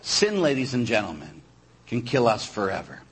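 A man, a priest, preaching a sermon in an animated way, full of rhetorical questions and quick asides. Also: on the low side, slightly rough, rough recording. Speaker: Catholic priest.

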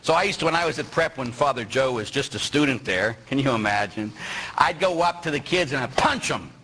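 A middle-aged male priest giving a lively sermon, teasing and quizzing his congregation. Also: mid-range voice, fairly quick, husky, poor audio. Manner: animated, teasing, asks the audience questions.

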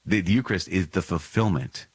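Male podcast host, low husky voice, dry close-miked sound, earnest and emphatic commentary with restarts. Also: a little fast, dry recording. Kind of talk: reflective catechism commentary.

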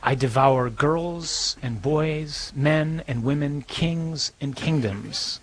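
A man voicing a solemn great talking lion in a story he retells from the pulpit, speaking slowly and deliberately. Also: fairly high pitch, rough recording.

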